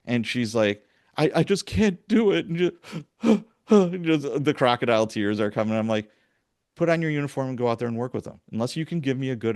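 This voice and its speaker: A man's voice: medium pitch, clean tone, no echo, clean studio sound. A middle-aged man, a former police sergeant, telling a story in a casual interview and acting out the quoted lines. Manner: animated storyteller, acts out quoted dialogue. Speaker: podcast host, retired police sergeant.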